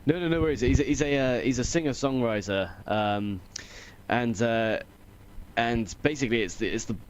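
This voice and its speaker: A man's voice: mid-range voice, moderate pace, highs cut off, a little hiss or hum. A man co-hosting a casual podcast, easygoing and hesitant, steering the conversation. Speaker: podcast co-host.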